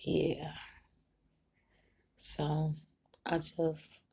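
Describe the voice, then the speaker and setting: A woman's voice: low voice, monotone, extremely slow, vocal fry, darkish tone, breathy edge. A woman vlogger talking candidly to the camera, chatty and frank, swearing freely and laughing between thoughts. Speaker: tarot-reading vlogger. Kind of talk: candid personal talk to camera.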